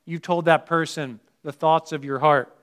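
A man's voice: fairly high pitch, steady tone, moderate pace, smooth. A male pastor preaching a sermon in a conversational way, asking the congregation rhetorical questions and reading scripture aloud with emphasis.

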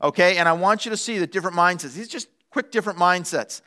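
A man's voice: high-pitched, fast, bright, forceful tone. A man pastor preaching a sermon in a church, telling a playful story with shifting pace. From United States.

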